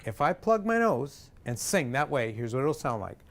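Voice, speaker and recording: A man teaching a singing lesson in front of an audience, coaching with lively talk and breaking into sung examples. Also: medium pitch, normal speed.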